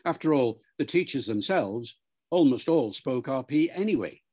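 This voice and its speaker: A man answering interview questions as a language expert, in a measured, lecturing way. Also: mid-range voice, expressive, a little mellow, husky.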